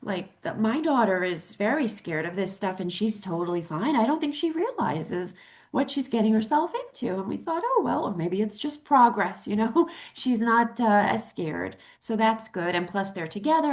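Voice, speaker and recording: A middle-aged woman co-hosting a talk show, telling a personal story in a chatty way with many restarts and lively quoted voices. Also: on the high side, normal speed. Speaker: co-host. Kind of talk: casual storytelling chat.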